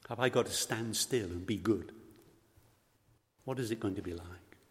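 Low-voiced man preaching in a reverberant church. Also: normal speed. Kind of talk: sermon. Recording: long hall reverb.

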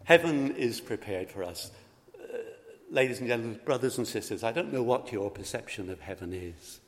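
A man's voice: on the low side, normal speed. A man preaching a sermon, telling a story and speaking in a pastoral, reflective way to the congregation. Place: church. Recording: long hall reverb.

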